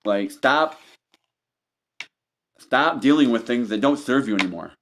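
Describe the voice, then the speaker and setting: A medium-pitched, slightly bright man reads tarot unscripted, animated yet a little slow. Talking straight to "you," he meanders, repeats himself, and keeps restarting his phrases.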